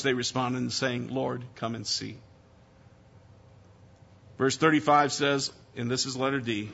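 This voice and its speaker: A man preaching a sermon as a pastor, measured and often dropping soft and low. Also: dull audio.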